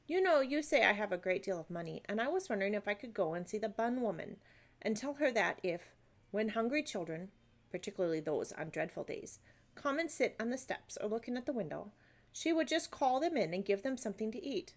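Polite, earnest storybook girl, gentle delivery, read by a woman. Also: mid-range voice, very animated, a little fast.

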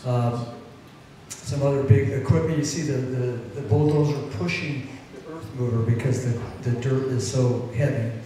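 Halting man speaking in an echoey hall. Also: mid-range voice, steady tone, dark tone. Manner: halting, with many fillers and restarts. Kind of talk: casual speech to an audience. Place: party venue with a live audience. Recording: echoey hall from far off, crowd behind.

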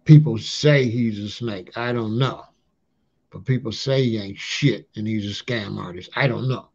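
A man with a lowish, gravelly, husky voice that's a little mellow rants casually at a measured pace as a commentator on a talk channel. He uses loose street slang and keeps tagging lines with "allegedly" and "you know what I'm saying." The recording sounds dull and lo-fi.

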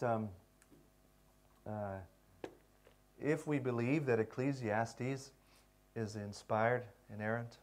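A man teaching a seminary class on pastoral care, reflective and unhurried, with many pauses. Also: mid-range voice. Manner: slow, reflective, with pauses and fillers. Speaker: seminary lecturer. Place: lecture room.

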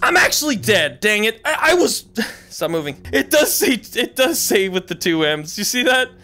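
An excitable young man narrating his own virtual reality gameplay, yelling and laughing as he goes. His pitch leaps all over the place. Music plays clearly underneath his voice. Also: unhurried. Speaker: gaming YouTuber. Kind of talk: VR gameplay commentary.

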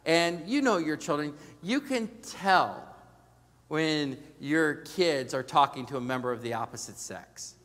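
Bright-voiced pastor preaching in an echoing church. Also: male voice, a little high, lively intonation, a little slow. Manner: storytelling sermon, swinging from hushed to loud and emphatic. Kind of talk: sermon. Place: large church sanctuary. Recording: long reverb of a large church hall.

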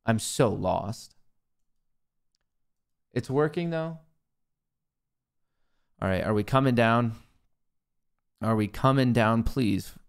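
Here a young man hosting a live trading stream takes things slowly, pausing often, in a smooth, medium-pitched voice. The day trader chats casually with himself and his viewers, muttering and cursing at the market.

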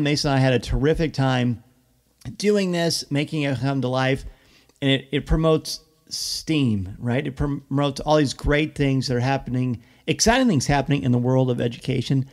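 Upbeat man reading an ad. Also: mid-range voice. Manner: upbeat and enthusiastic. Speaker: podcast host reading an ad. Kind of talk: read ad spot.

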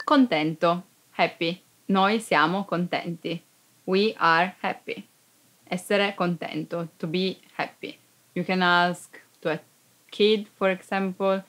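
A woman's voice: on the low side, a bit bright. Italian woman teaching beginner phrases. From Italy. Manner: friendly, explains slowly with many examples. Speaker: language teacher. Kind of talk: beginner language lesson.

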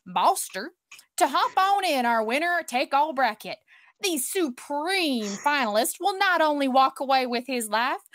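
Woman doing a Southern US accent, folksy mock-ad announcer, hammy drawl, high voice, dry sound. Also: fairly bright tone, no room sound. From Oklahoma.

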